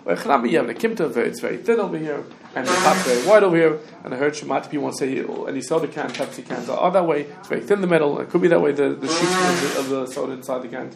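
A man leads a Talmud class in a quick, tumbling way, often restarting his sentences. His voice sits a little high. The room echoes, and there is a faint hiss behind him. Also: vocal fry. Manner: quick, restarts often, mixes Hebrew and Yiddish terms. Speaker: rabbi teaching a Talmud class. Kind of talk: casual Talmud study lesson. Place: classroom with students.

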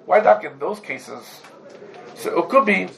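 Male teacher, a touch higher-pitched, lively questioning delivery in a classroom lesson, light background noise. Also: unhurried, vocal fry, low-quality recording. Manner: lively, rhetorical questions, Hebrew terms woven into English. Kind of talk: Talmudic law lesson.

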